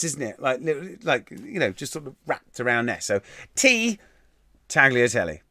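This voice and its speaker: A young man with a fairly high voice, rattling through quiz answers on a live stream from home. He talks in a chatty, irreverent way, swearing casually and restarting his sentences with plenty of "uh"s. The sound from his desk microphone is close and dry. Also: pushed and bright, no echo. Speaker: quiz host. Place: at home, room near a kitchen.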